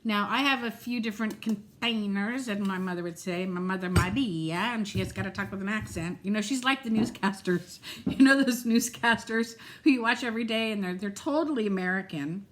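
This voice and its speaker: A middle-aged woman talks to her camera in a relaxed, chatty way, laughing easily as she goes. Her voice sits at an ordinary middle pitch. A faint noise runs under the recording. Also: fairly quick, hardly any pauses. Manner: chatty, animated, laughs often. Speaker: vlogger. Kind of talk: casual chat.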